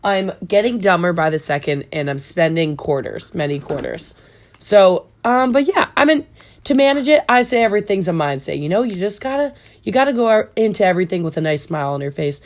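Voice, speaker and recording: A woman's voice: on the low side, animated, brisk, darkish tone. A young woman co-hosting in casual chat, rambling and laughing often.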